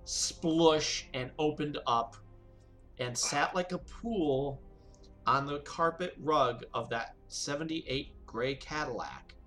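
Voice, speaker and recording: A man co-hosting a podcast, chatting casually and telling a story with lots of expression, sometimes breaking into loud, high outbursts. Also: takes it slowly, soft background music. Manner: animated storyteller, jumps to loud high bursts for quoted speech. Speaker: podcast co-host.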